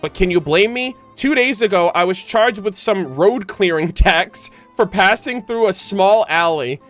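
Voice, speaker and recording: A fretful male merchant, flustered and nervous about getting charged yet again, read aloud by a man. The voice sits fairly high for a man. Faint game music plays underneath. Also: animated, measured pace, a bit bright. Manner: reads the merchant's lines aloud in his own voice.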